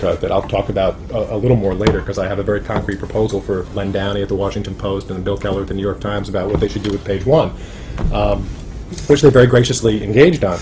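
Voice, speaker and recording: A man's voice: on the low side, background noise. Chatty male author, wry and rambling. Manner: chatty, wry, many fillers and restarts. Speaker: author speaking at a roundtable. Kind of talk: informal talk to a small audience.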